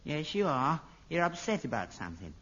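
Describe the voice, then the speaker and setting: A man's voice: on the high side, sing-song, a bit bright, exaggerated voice. An actor playing a nosy, fussy old father in a dull, lo-fi old radio sitcom recording. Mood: fussing. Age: older. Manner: wheedling, nosy, quick to panic. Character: nagging old London father, fussy and meddlesome. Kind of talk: 1960s radio sitcom acting.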